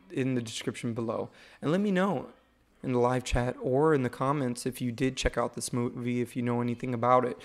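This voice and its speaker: A man hosting a casual livestream about new home-video releases, rambling and halting with many fillers. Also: medium pitch. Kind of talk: casual live-stream commentary.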